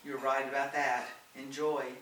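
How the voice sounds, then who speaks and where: A man's voice: medium pitch, little pitch movement, a little slow, fairly bright tone, natural voice. A man voicing a friendly, curious female flight attendant, chatty in manner, recorded far off in a roomy space. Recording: roomy, distant, faint hiss.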